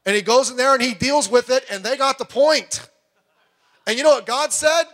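Man, middle-aged, pastor, high voice, emphatic sermon delivery, loud then hushed. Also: normal speed. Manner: emphatic, swings between loud urging and quiet asides.

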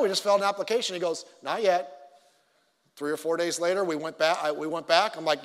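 Middle-aged male pastor, high voice, animated sermon delivery, echoing church hall. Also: fairly quick. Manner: animated storytelling with stammered restarts, acting out voices. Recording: long hall reverb.

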